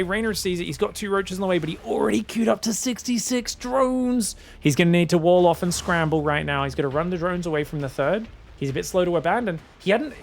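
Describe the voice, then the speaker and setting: Gravelly guy casting a strategy game, kinda high voice, gets hyped and keeps saying guys. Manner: excitable, chatty, often addresses viewers as guys. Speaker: esports caster. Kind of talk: solo game commentary.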